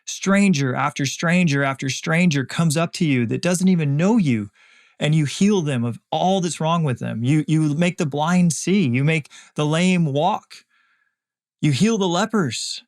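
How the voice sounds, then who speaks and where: A man's voice: a little high, measured pace, pitched above the performer's own voice. A man voicing a grieving, angry male disciple who pleads with and accuses God, raising his voice in anguish. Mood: anguished, accusing.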